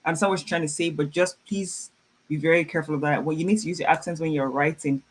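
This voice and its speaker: A French teacher running a live online class, reading students' chat messages aloud, praising them warmly and slowing down to repeat French phrases. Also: medium pitch, steady tone. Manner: encouraging, slows down to spell out French phrases; chatty and informal, laughs often.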